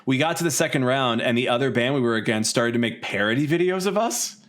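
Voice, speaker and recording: A man in his thirties, a podcast guest, telling a long story in casual, animated chat, swearing and laughing along the way. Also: medium pitch, quick pace.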